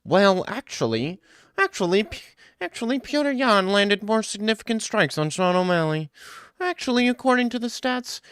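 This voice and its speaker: A man's voice: sits high, very animated, normal speed, fairly bright tone, smooth, no room sound, studio quality, pitched above the performer's own voice. A man mocking a nitpicking know-it-all stats nerd in a pedantic, whiny voice.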